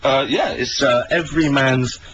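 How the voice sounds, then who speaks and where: A man telling a story on a radio chat in a lively way. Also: mid-range voice, normal speed, low-quality recording. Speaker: radio guest. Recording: radio broadcast with faint hiss.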